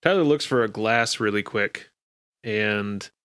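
A man's voice: fairly low pitch, unhurried, fairly bright tone, smooth. A man playing in a tabletop game, talking in a casual, laid-back way. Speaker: player.

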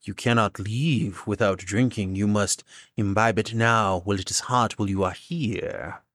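A man voicing a creepy old robed man in a tabletop game, speaking in a dry voice with slow, drawn-out coaxing. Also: lowish voice, fairly bright tone, no room sound. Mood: menacing coaxing. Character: creepy old male robed bar patron.

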